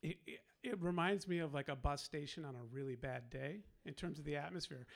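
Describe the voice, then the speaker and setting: A man's voice: fairly high pitch, a little fast, vocal fry. A man telling a long personal anecdote in a casual way, laughing often and acting out the people he quotes. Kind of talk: casual storytelling.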